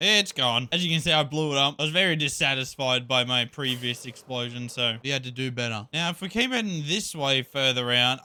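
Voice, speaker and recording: Man, casual gameplay commentary, chatty, exasperated, bright voice, slightly high pitch. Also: slight background noise. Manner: chatty, exasperated, laughs at himself. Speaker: gaming video creator.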